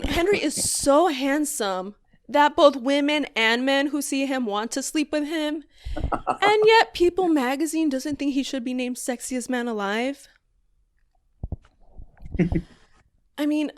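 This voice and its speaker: A woman performing a stand-up comedy set on a virtual video call show, animated and exasperated, laughing between her lines. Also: high-pitched. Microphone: video call mic.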